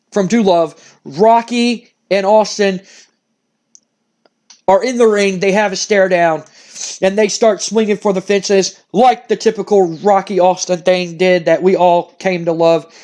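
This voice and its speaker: Very high-pitched excitable male gamer. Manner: excitable, repeats phrases, stumbles and swears when surprised. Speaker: gaming channel host. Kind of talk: excited play-by-play of a wrestling sim.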